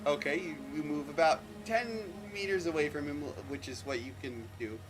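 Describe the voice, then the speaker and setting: A man's voice: a little high, normal speed, noisy background. A man running a tabletop game as game master, stammering and repeating words as he narrates.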